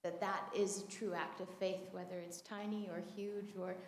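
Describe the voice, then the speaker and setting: A woman's voice: lowish voice, little pitch movement, moderate pace, gravelly. Earnest woman sharing in an echoey hall. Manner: earnest and apologetic. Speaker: class participant. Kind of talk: sharing in a group class. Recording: echoey hall with faint room noise.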